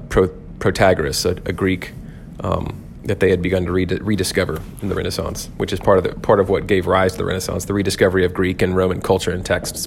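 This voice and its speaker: A man's voice: lowish voice, slight background noise. A man hosting his first devotional podcast, teaching on a psalm in an earnest, thoughtful way and often restarting his sentences. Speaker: podcast host, pastor.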